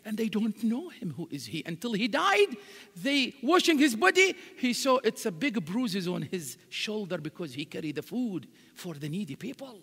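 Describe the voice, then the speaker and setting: A man's voice: high-pitched, big pitch swings, moderate pace, fairly bright tone, slightly rough. A man giving a live sermon in a large mosque hall, telling stories animatedly and quoting Arabic verses. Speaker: religious speaker. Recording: reverberant hall.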